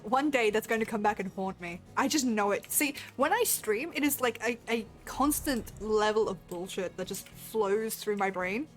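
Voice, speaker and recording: A woman's voice: mid-range voice, normal speed, few pauses, soft background music. A woman streamer chatting casually to her viewers while playing, laughing often and poking fun at herself. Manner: self-deprecating, laughs often, talks to chat. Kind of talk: casual gameplay commentary.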